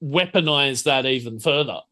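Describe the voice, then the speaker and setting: A man running a tabletop game as game master, explaining rules slowly with lots of fillers. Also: medium pitch, sharp tone. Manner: unhurried, drawn-out explanations with fillers.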